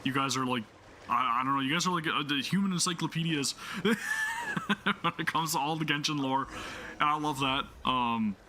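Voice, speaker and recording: Over background noise, a man with a medium-pitched voice at normal speed gives casual, enthusiastic commentary as he plays for his gaming channel. His talk wanders, crowded with fillers and restarts.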